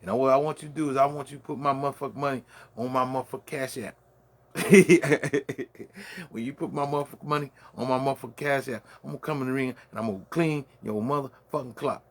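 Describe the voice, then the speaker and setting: A man's voice: mid-range voice, steady tone, fast talker. A man with a Brooklyn accent hosting a late-night solo rant from his man cave, full of boastful, profane trash talk. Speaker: host.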